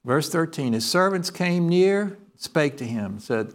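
A man's voice: fairly high pitch, lively intonation, a little slow, few pauses. A man preaching a sermon, reading scripture aloud and asking the congregation questions. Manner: reads scripture aloud in King James wording.

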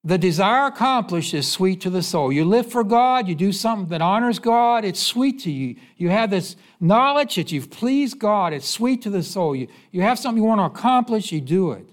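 A man preaching a sermon, telling stories and asking the congregation questions, then dropping low to give the answers. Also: animated, normal speed, few pauses. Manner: preaching with call-and-response questions and sudden drops to a low voice. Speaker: pastor.

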